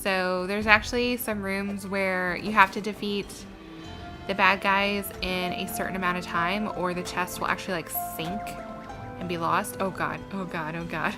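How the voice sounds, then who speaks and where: A woman's voice: mid-range voice, steady tone, a little slow, music in the background. A woman giving chatty, giggly commentary while playing a video game. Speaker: let's play gamer.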